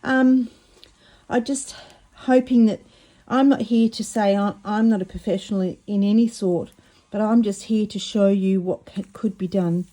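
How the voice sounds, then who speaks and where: A woman, chatting casually and excitedly while showing a craft project, often stumbling over her words. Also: medium pitch, measured pace. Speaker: craft vlogger.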